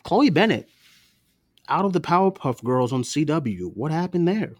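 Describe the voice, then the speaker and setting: This movie podcast co-host has a slightly high voice and speaks at a moderate pace, with no echo in the recording. He's an animated storyteller in a casual chat, doing impressions of relatives and others as he goes.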